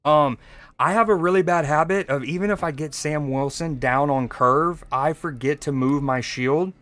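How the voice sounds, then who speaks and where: A man from Georgia hangs out with viewers on a card game live stream, joking and answering chat in a laid-back way while he plays. His voice sits on the high side, a bit bright, at normal speed.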